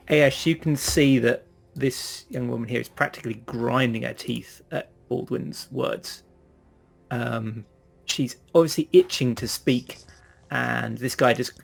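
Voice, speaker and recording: A man narrating a tabletop game as game master in a relaxed, halting way. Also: medium pitch, gravelly, husky, faint music behind.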